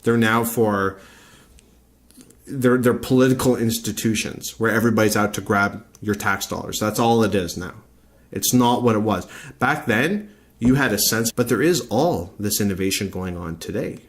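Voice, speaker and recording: Argumentative man ranting on a vlog. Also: lowish voice. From Canada. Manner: argumentative, repeats himself, blunt and profane. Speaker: vlogger. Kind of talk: opinionated video rant.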